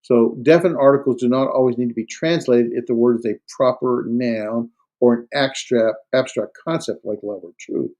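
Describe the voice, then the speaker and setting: Man, classroom lecture, emphatic, lots of uh and um, mid pitch. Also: steady tone, normal speed, hardly any pauses, a little mellow, muffled recording. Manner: explains step by step, many fillers and restarts; stresses words hard. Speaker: Greek instructor. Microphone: recorded lecture.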